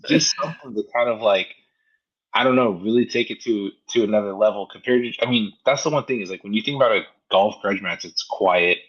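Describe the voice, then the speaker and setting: A fairly low-voiced man co-hosts a casual podcast from a remote call, meandering through his points with plenty of "like" and "you know." The audio comes through dull and lo-fi, with the top end muffled. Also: brisk, fairly bright tone, husky. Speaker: podcast co-host. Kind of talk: casual chat.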